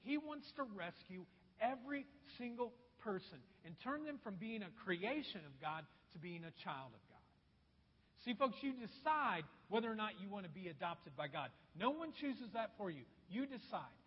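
A man's voice: high voice, big pitch swings, moderate pace, slightly rough. A man preaching a sermon as pastor, emphatic and repeating phrases, calling his listeners folks. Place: church sanctuary. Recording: dull echoey church hall recording.

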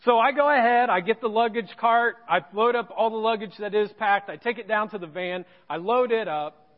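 A pastor telling a personal story in a sermon, with self-deprecating humor. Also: male voice, high voice, moderate pace, long reverb tail, phone-quality sound. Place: church sanctuary.

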